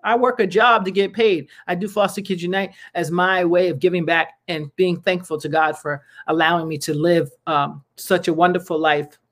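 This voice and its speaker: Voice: medium pitch, steady tone, normal speed, few pauses, a bit bright. A speaker in their thirties hosting a casual good-news talk, rambling and chatty with frequent laughs and fillers and earnest, preachy asides. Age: 30s. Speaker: podcast host and nonprofit founder.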